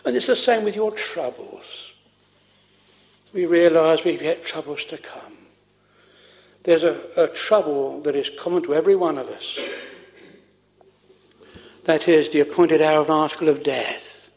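An older man preaching with fervent earnestness, his voice sitting a little higher than most men's. He speaks in old-fashioned scriptural phrasing and builds toward heartfelt appeals before closing in prayer. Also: measured pace, vocal fry, long pauses.

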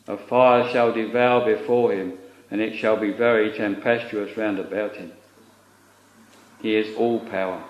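Low-voiced guy preaching, solemn and earnest, old-style bible wording, roomy and kind of dull lo-fi sound. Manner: solemn, earnest, old-fashioned scriptural phrasing. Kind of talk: sermon. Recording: lo-fi recording in an echoey room.

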